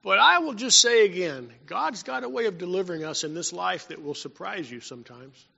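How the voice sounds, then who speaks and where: A man preaching a sermon as pastor, telling stories and swinging between loud and hushed. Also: high voice, expressive, brisk, gravelly, husky. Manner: storytelling preacher, rising and dropping in volume. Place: church sanctuary. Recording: dull sound in a long-reverb hall.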